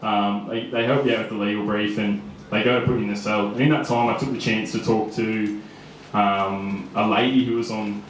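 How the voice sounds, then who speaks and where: A man's voice: fairly low pitch, fairly even intonation, moderate pace, a little hiss or hum. A young man in his twenties with an Australian accent, telling a personal story live on stage in a casual, chatty way with frequent laughs and fillers. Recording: echoey room.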